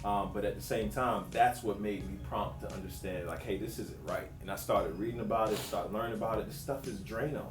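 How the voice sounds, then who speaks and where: A man who works in dermatology, talking casually on a panel and telling lively stories about patients. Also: a little fast, hardly any pauses. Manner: animated storyteller, acts out quotes with rising pitch. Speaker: physician assistant at a dermatology practice. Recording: roomy sound from a distant mic, faint music.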